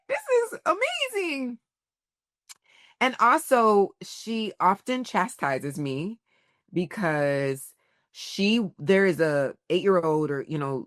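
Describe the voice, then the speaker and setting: Low-voiced woman telling lively stories. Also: smooth, dry recording, studio quality. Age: 40s. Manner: animated storyteller, laughs often, acts out quotes. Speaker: podcast guest. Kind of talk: casual storytelling interview.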